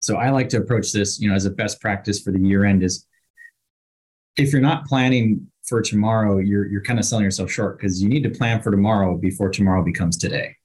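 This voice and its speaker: A man's voice: on the low side, a little fast, a little mellow. An older man speaking as a panel guest, giving folksy, practical advice in a casual discussion. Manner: folksy, uses plain metaphors.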